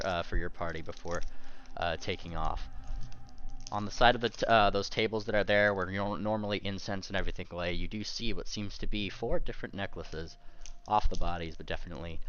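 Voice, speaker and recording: A man narrating as game master, halting and hesitant, with frequent fillers. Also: sits low, steady tone, a bit bright, highs cut off, a little hiss or hum. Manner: halting, with many fillers and restarts.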